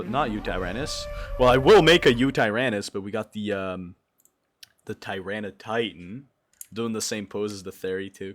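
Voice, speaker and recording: A young man from Brazil chatting casually on a livestream, excitable and jumping between loud outbursts and low mumbles. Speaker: streamer.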